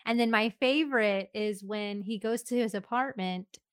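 A woman's voice: mid-range voice, clear, resonant tone, dry recording, clean studio sound. A woman co-hosting a casual podcast chat, giggly and emotional as she talks. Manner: giggly, emotional, quick to laugh. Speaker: podcast co-host.

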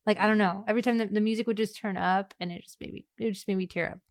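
A woman's voice: medium pitch, steady tone, no room sound, studio quality. A woman co-hosting a casual podcast chat, giggly and emotional as she talks. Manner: giggly, emotional, quick to laugh. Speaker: podcast co-host.

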